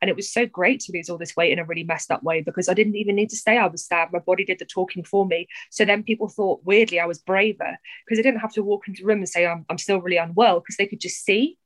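A young woman, a poet talking candidly as a podcast guest, animated, swearing freely and often pausing on fillers. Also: lowish voice, dry recording, poor audio. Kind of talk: candid conversational chat.

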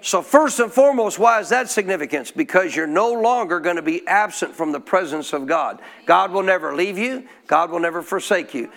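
A man's voice: sits high, animated, fairly quick, few pauses, fairly bright tone. A man preaching a sermon in a church, putting questions to the congregation and drawing answers back in call-and-response. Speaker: pastor.

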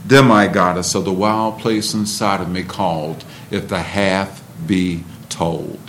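A man who is a poet, performing spoken word poetry with a slow, rhythmic delivery and talking about his writing. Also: low voice, steady tone, a bit bright, a little hiss or hum.

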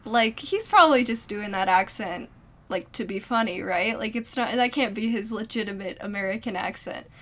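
A young woman co-hosts a casual comedy podcast, chatting with her friend about sketches in a medium-pitched, slightly bright voice at a moderate pace. She's giggly and playful and breaks into goofy put-on accents.

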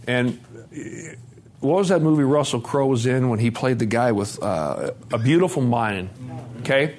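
A man giving a candid personal testimony at a conference, dropping to a hush and then rising loud and laughing. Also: medium pitch, lively intonation, normal speed. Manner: candid, swings between hushed and loud, laughing. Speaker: speaker sharing his recovery story. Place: conference hall.

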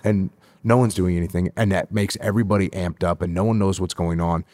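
Deep-voiced man, measured and repetitive. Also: steady tone, a little mellow, no room sound, studio quality. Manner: deliberate, repeats phrases for emphasis. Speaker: guest, leadership instructor. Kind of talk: conversational interview answer.

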